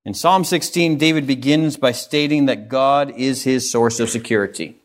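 Male pastor, mid pitch, earnest emphatic sermon delivery. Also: normal speed.

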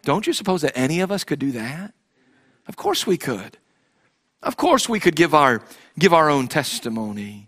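A man with a fairly high voice delivers a heartfelt sermon from the pulpit. He presses his congregation with repeated rhetorical questions and restarts his phrases as he goes. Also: lively intonation, moderate pace, fairly bright tone. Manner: impassioned, repetitive, with frequent restarts and rhetorical questions. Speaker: pastor.

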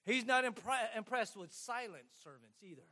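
A male preacher with a high, bright voice delivers a sermon. He reads scripture in old-fashioned biblical wording and swings between quiet asides and loud, emphatic proclaiming. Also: lively intonation, normal speed.

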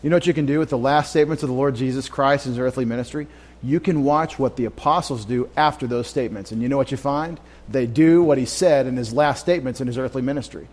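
Male Bible teacher, slightly high voice, relaxed conversational delivery with anecdotes and audience questions. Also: quick pace. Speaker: pastor. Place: church.

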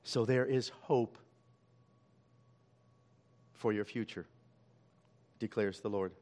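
A man's voice: on the low side, slow. Man preaching with rising, falling intensity. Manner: dynamic preaching, swelling loud then dropping soft. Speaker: pastor. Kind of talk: sermon.

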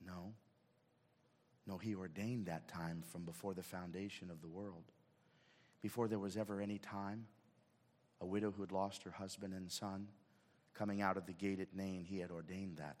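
A man preaching a sermon as pastor, swinging from hushed asides to shouted emphasis. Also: low-pitched, fairly even intonation, normal speed, pauses often, big-room sound. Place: church sanctuary.

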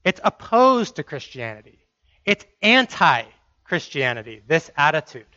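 Male preacher, high and bright, emphatic sermon delivery with repeated phrases; dry, slightly dull recording. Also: sing-song, unhurried, no echo.

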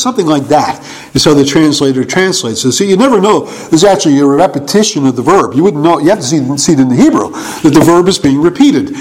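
A middle-aged man teaching in a conversational sermon, musing and halting with small chuckles. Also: a little high, lively intonation, a little mellow, rough recording. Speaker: preacher.

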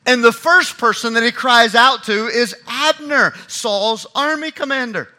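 A man preacher delivering a lively, conversational sermon and acting out a scripture story. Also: very high voice, unhurried.

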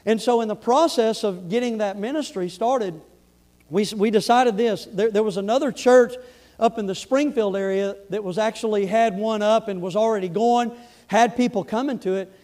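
Preacher, man, fairly high voice, sermon storytelling with big loud-to-quiet swings and repeated phrases. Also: moderate pace. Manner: swings from loud, rising build-ups to hushed, low delivery.

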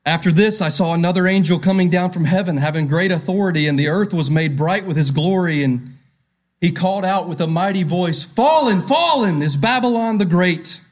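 Brief: male pastor, sermon delivery, somewhat high-pitched, emphatic, rises loud then drops to a hush. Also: fairly even intonation, a little fast. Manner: emphatic, swings between loud and hushed; addresses listeners directly with questions. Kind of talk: sermon with scripture reading.

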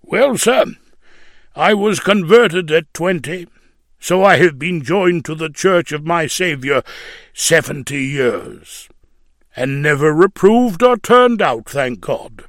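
A man's voice: fairly high pitch, animated, slow pace, no room sound, studio quality. A man reading a story, voicing a cheerful, devout ninety-year-old man who speaks in plain dialect. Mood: content. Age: older. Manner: plain dialect speech, joyful and earnest.

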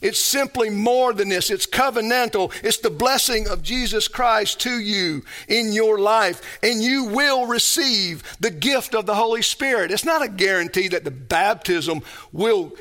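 A man's voice: high-pitched, pushed and bright. A man preaching a sermon as pastor, emphatic and full of rhetorical questions put to his congregation.

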